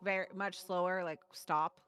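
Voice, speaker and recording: A woman's voice: fairly low pitch, steady tone, normal speed, fairly bright tone, clear, resonant tone. A woman playing a tabletop game, thinking aloud about her character's moves. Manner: thinking aloud, hesitant with restarts. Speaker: player. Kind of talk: tabletop role-play.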